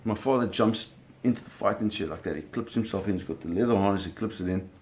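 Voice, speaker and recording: A middle-aged man with a slightly low voice tells a story in a casual, spoken way. He is animated, and he punctuates it with sound effects and acted-out quotes. Pace and energy surge and drop as he talks. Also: fast. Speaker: storyteller recounting a fishing trip.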